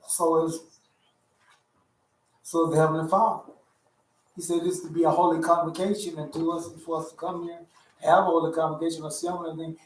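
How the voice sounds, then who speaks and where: A man teaching a Bible study in a folksy, conversational way, repeating himself as he explains. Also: a little high. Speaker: teacher leading a Torah study. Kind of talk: informal sermon. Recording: roomy sound from a distant mic.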